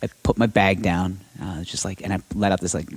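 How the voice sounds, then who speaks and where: A man's voice: low-pitched, steady tone, brisk, breathy edge. A young man co-hosting a podcast, chatting casually and rambling through stories with casual swearing. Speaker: podcast co-host. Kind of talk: casual chat.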